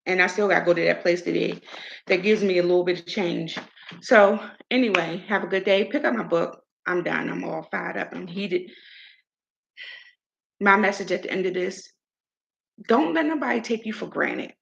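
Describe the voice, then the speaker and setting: A woman hosting her own show, giving an outspoken, animated commentary. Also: fairly low pitch, normal speed, vocal fry, lo-fi sound. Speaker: show host. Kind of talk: casual commentary monologue.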